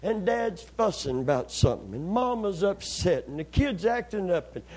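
A man preaching a sermon, acting out scenes as he goes and swinging between loud, excited bursts and hushed, low passages. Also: moderate pace.

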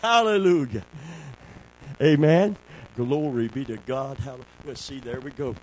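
A man preaching a sermon, calling for amens and swinging between a low hush and a shout. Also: normal speed, low-quality recording.

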